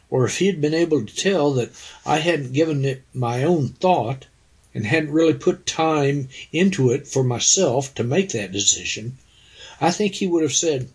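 A man's voice: fairly high pitch, lively intonation, normal speed, darkish tone, husky. A man, an actor being interviewed, reflecting in an earnest, anecdotal way and quoting conversations. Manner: earnest, anecdotal, quotes people in dialogue. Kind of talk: reflective storytelling.

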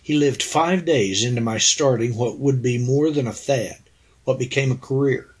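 An actor being interviewed reflects earnestly through anecdotes, quoting the people in his conversations. His voice is husky and mid-range, at a normal speed, in a reflective storytelling style.

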